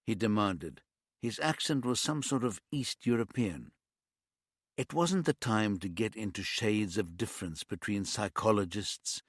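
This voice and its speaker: A man reading a crime thriller as an audiobook narrator, in measured, even storytelling. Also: on the low side, no echo, studio quality. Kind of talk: scripted narration.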